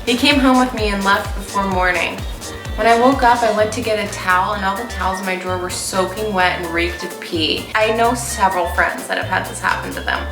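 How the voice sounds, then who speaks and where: A woman vlogger reading dating stories aloud, playful and sarcastic and quick to laugh. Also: medium pitch. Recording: roomy echo with music behind.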